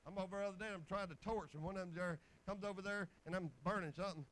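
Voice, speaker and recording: A man's voice: high voice, steady tone, racing, a bit bright, slight background noise, poor audio. A man preaching a folksy sermon, telling homespun stories and chuckling along the way.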